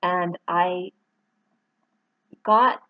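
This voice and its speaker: Speaking very slowly in a fairly low voice, a middle-aged woman shares a rambling, emotional personal vlog, holding photos up to the camera and sometimes choking up. She's an author and dog owner. The recording sounds dry and muffled.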